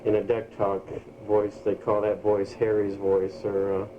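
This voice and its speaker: A man demonstrating his own screen reader program, explaining it in a halting way with pauses and fillers. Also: fairly low pitch, monotone, lo-fi sound, slight background noise. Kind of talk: casual software demonstration.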